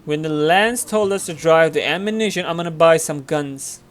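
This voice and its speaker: Chatty Turkish-accented man, higher voice. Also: normal speed. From Turkey. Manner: rambling, filler-heavy, chatty. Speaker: gaming channel host. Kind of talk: casual gameplay commentary.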